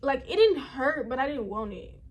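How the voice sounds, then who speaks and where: A woman's voice: high voice, expressive, moderate pace. A young woman telling a personal story at home in a casual, rambling way, often talking straight to her viewers. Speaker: vlogger. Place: indoors at home.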